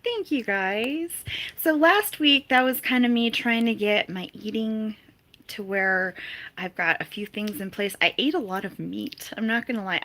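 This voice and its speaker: Slow-talking giggly woman streamer. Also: mid-range voice. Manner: giggly, greets chatters warmly by name. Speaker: live streamer. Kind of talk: casual live-stream chat. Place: home.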